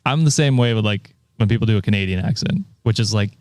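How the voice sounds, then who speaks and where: A man's voice: fairly low pitch, fast, darkish tone, no room sound, clean studio sound. A man co-hosting a casual podcast, rambling with lots of ums and frequent giggles. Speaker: podcast co-host.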